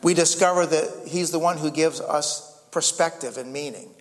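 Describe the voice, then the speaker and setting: A man preaching a sermon with a slightly high voice, in a loose, repetitive way, calling out "amen" and "friends" to his listeners. His voice rings with the long reverb of a large hall. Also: normal speed. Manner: repeats words and restarts, calls out "amen" and "friends". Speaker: pastor.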